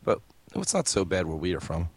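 Fast-talking, blunt low-voiced man. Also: wildly swooping pitch, husky, no echo. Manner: blunt, fast, profane, quick to laugh. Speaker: podcast co-host. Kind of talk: casual chat.

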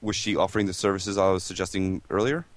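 Deep, fast-talking blunt man. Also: level tone. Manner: blunt, crude joking. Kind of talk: casual chat.

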